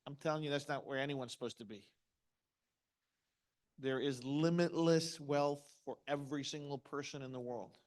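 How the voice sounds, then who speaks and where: A man's voice: mid-range voice, moderate pace, darkish tone. A middle-aged man giving a motivational seminar talk, punchy and asking the audience questions. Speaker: motivational speaker.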